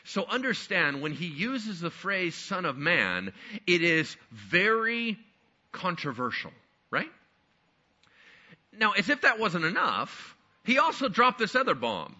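A man preaching a sermon as pastor, animated and acting out skeptical listeners in quick asides. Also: high-pitched, dull audio.

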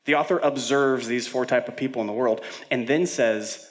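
A man's voice: medium pitch, moderate pace, few pauses. A male senior pastor preaching a sermon in a conversational way, with frequent fillers and self-corrections.

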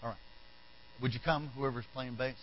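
A man's voice: mid-range voice, moderate pace, muffled recording, a little hiss or hum. A man preaching a sermon, telling a Bible story with acted-out voices and asides. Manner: animated, acts out characters, talks to the band. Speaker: pastor. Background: soft band music.

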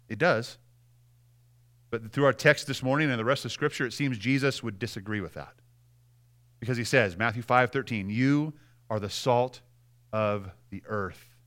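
A man's voice: mid-range voice, normal speed, long pauses, a bit bright. A man preaching a sermon, emphatic and direct, repeating key phrases and speaking straight to the congregation.

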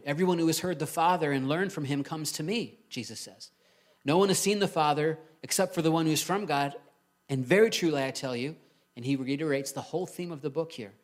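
A man, a pastor, preaching a sermon in a church, talking conversationally and asking the congregation rhetorical questions. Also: a little high.

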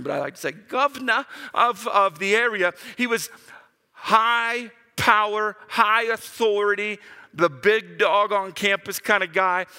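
A man preaching a sermon, talking casually and acting out the quotes with big swings in his voice. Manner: animated, acts out quotes with big pitch jumps. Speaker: pastor. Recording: long hall reverb.

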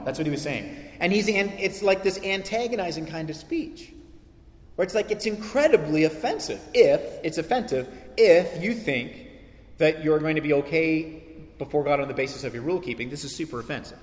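A male pastor preaching a sermon, animated, acting out quoted voices with sarcasm. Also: on the high side, a little fast. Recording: echoey hall reverb.

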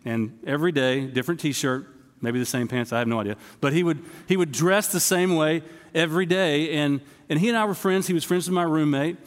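A man's voice: on the high side, fairly quick. A man in his fifties preaching a sermon to his congregation, telling a story in a conversational way and speaking to them directly. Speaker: pastor. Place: church sanctuary. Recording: long reverb of a church hall.

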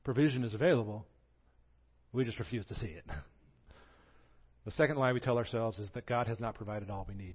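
Animated Southern preacher, slightly dull sound. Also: male voice, fairly low pitch, fairly quick, husky. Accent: Southern American. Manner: animated storytelling, acts out quoted voices. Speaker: pastor. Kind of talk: sermon.

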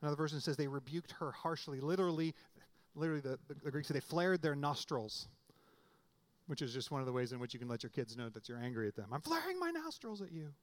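A man's voice: medium pitch, fairly even intonation, quick pace. A man preaching a sermon in a conversational way, often restarting phrases and rising suddenly for emphasis. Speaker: pastor.

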